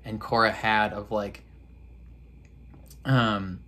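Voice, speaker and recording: A young man recapping a TV episode in a casual, excitable, slang-filled way, now and then mimicking characters. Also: lowish voice, slow pace. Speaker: reaction video host.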